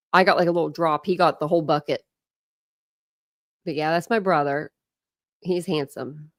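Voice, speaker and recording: A woman's voice: on the low side, no echo, studio quality. Gushing chatty middle-aged woman. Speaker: livestream host showing family photos. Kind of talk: casual livestream chat.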